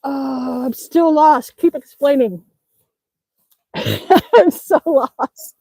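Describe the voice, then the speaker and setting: A chatty woman with a high, bright voice streams live from outside in the snow, reading viewers' comments aloud and laughing often. She sounds a little winded from exercise, and the sound is close and dry. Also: very slow, vocal fry, no echo, rough recording. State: slightly out of breath from exercising outdoors. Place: outdoors in the snow.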